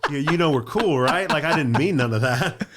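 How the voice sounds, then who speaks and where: A man's voice: fairly high pitch, expressive, a little fast, background noise, natural voice. A man quoting a sheepish apologetic bouncer. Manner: backpedaling, eager to make peace.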